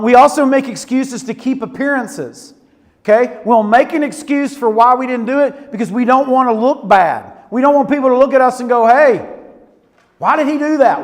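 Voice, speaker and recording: Man in his 40s, youth preacher, high voice, lively storyteller, hall reverb. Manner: animated storytelling with Southern "y'all". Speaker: youth pastor. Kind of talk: sermon. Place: church auditorium.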